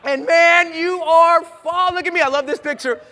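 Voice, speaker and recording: A man giving an animated storytelling talk to an audience on a stage, full of sound effects and shouted moments. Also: very high-pitched, normal speed, long reverb tail. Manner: theatrical, shouts and sound effects, laughs while telling. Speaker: motivational speaker.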